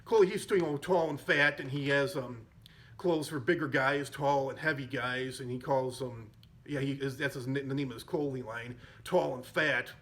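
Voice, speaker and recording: A podcast host casually retells a comedy film, leaning on plenty of fillers and self-corrections. His mid-range voice is steady and fairly bright, moving at a moderate pace.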